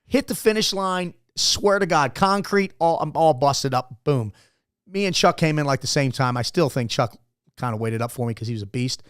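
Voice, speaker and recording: A man in his fifties, a former Navy SEAL appearing as a guest, tells rambling, profane stories in a casual interview. His voice sits on the high side, with lively intonation, normal speed, and a fairly bright, clear, resonant tone. The recording is dry, with clean studio sound.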